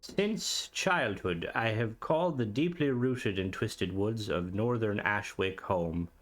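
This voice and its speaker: A man's voice: fairly low pitch, close to an everyday voice. A man reading as a wistful dreamer recalling boyhood. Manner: put-on storytelling accent, slow dramatic reading. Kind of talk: dramatic reading of a story.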